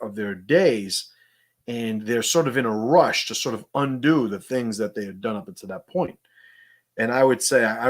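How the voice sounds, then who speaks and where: A man's voice: on the low side, husky. A middle-aged man hosting a casual monologue, rambling in a conversational way with lots of fillers. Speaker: host.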